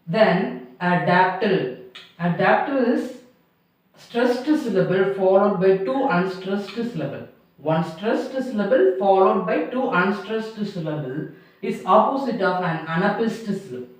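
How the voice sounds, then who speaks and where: Slow high-voiced man lecturing in an echoey room. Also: animated. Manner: slow, repeats each point twice, non-native grammar. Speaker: teacher. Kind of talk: classroom lecture. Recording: roomy echo, mic far off.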